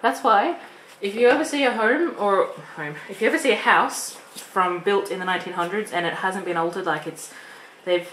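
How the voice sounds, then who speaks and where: A woman's voice: mid-range voice, normal speed, fairly bright tone. Young Australian woman, casual vlog chatter, meandering and giggly; roomy, slightly noisy recording. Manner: rambling, laughs often, restarts sentences. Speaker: vlogger. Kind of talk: casual chat. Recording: echoey room with faint noise.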